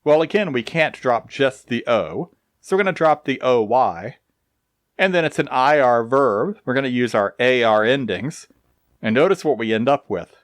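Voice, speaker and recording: A man explaining grammar in a slow, deliberate recorded lesson, with touches of dry humor. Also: mid-range voice, lively intonation, no echo. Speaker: Spanish teacher.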